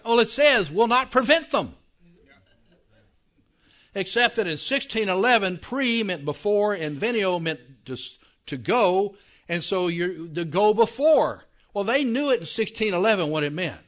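A male Bible teacher with a high, expressive voice delivers a class lecture in a conversational manner. He frequently makes sure his listeners follow and slows down to stress important words.

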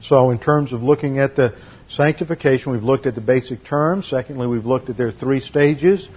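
Husky-voiced man preaching a methodical sermon. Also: medium pitch, normal speed, muffled recording. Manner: methodical teaching, numbered points, steady emphasis. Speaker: pastor. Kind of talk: expository sermon.

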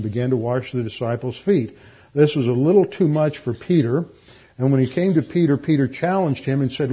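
A man pastor giving verse-by-verse Bible teaching in a measured, explanatory way, slowing down to stress key phrases. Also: mid-range voice, slightly rough, muffled recording.

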